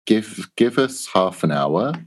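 An English man telling a long anecdote in a casual chat, animated, swearing and acting out what people said. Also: lowish voice, slow. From England. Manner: animated anecdote, swearing, laughing, acts out quoted voices. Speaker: guest. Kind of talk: casual storytelling.

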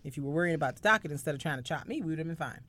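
A woman's voice: low-pitched, lively intonation, racing, a bit bright, a little hiss or hum. A woman co-hosting a casual chat show, rambling with fillers and mock indignation when teased. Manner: playfully dramatic, mock-indignant. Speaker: podcast co-host.

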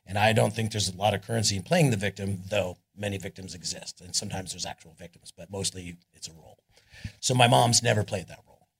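A middle-aged man with a Californian accent, telling rambling, animated stories at a live on-stage interview in a club, bursting loudly into quoted lines. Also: on the low side, quick pace, creaky, breathy edge. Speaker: guest, rock singer.

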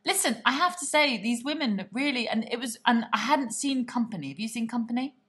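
A woman's voice: on the high side, expressive, brisk, fairly bright tone. A woman co-hosting a podcast, chatting casually in a gossipy, theatrical way and swearing freely. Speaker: podcast co-host. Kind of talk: casual chat.

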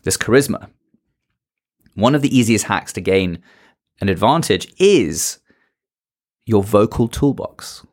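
A man's voice: fairly low pitch, animated, measured pace, long pauses. A man as a podcast guest and public speaker, animatedly giving advice and shifting his tone and pace to make his points. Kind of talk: motivational talk in a conversation.

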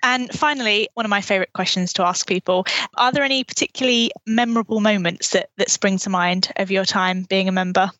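Woman host, mid pitch, easygoing questioner, muffled recording. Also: a little fast, few pauses, fairly bright tone. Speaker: podcast host. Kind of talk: interview questions.

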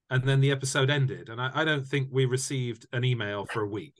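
A man in casual conversation, telling animated anecdotes and often repeating words as he restarts a sentence. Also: medium pitch, brisk, hardly any pauses. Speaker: guest, tour company founder. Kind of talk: casual storytelling chat.

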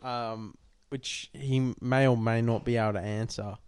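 A man's voice: mid-range voice, steady tone, unhurried, darkish tone, clean tone, dry recording. A young Australian man co-hosting a podcast in casual chat, crude and jokey, swearing constantly into a podcast mic. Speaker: podcast co-host.

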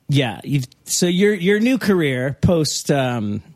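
A man hosting a podcast, asking questions and recapping in a relaxed, casual way. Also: a little high, very slow, vocal fry. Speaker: podcast host. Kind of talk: casual interview chat.

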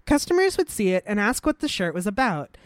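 A woman's voice: mid-range voice, sing-song, brisk, dry recording, studio quality. A woman co-hosting a casual chat, reading news aloud with many fillers and restarts. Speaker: podcast co-host.

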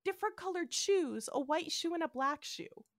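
A woman's voice: extremely high pitch, animated, moderate pace, no room sound, studio quality. A woman co-hosting a podcast, playfully retelling a TV episode, laughing often and acting out the characters' lines. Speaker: podcast co-host. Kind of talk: casual chat, retelling an episode.

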